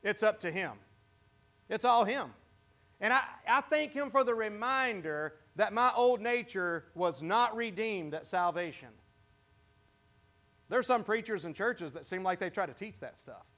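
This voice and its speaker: High-voiced pastor quizzing his congregation. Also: animated, a bit bright. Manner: conversational, asks the congregation questions; halting, with many restarts. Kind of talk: interactive sermon. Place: church.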